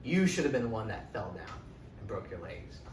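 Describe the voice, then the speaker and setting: A man's voice: fairly low pitch, very animated, fairly quick, a little hiss or hum, voice pushed down. A man voicing a bitter, spiteful noblewoman mother, delivering curt, scornful lines. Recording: echoey room, distant mic.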